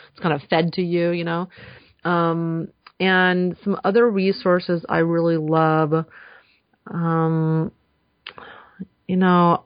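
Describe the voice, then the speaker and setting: A woman's voice: on the low side, no echo. A woman speaking as a guest in a casual podcast interview, earnest and enthusiastic, with frequent fillers. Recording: dull slightly lo-fi dry sound.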